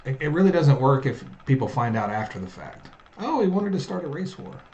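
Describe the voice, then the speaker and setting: A man's voice: mid-range voice, big pitch swings, fairly quick, a little mellow, muffled recording. A man co-hosting a casual talk stream, reading news and riffing in a wry, rambling way. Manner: wry, rambling, laughs at own jokes. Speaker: podcast co-host. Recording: roomy with faint noise.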